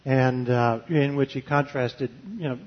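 A man's voice: medium pitch, little pitch movement, unhurried, lo-fi sound. A man who is a Baptist preacher, talking in an interview with many fillers and restarts. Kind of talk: conversational interview, reading a passage aloud.

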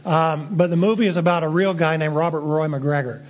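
A man preaching a sermon as pastor, earnest and deliberate, slowing down to stress key phrases. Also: fairly high pitch, fairly even intonation. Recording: dull lo-fi sermon recording.

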